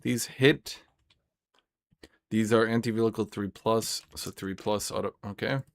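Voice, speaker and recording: A man's voice: fairly low pitch, fairly even intonation, measured pace, gravelly. A man playing a tabletop wargame, thinking aloud, counting dice and swearing at his own mistakes. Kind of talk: casual play commentary.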